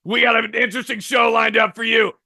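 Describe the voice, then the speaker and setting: A man playing a brash, loud male podcast host, done in a hot-headed anime character's voice. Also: extremely high pitch, flat delivery, fast talker, vocal fry, voice pushed up, full character voice. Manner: brash, shouty announcing.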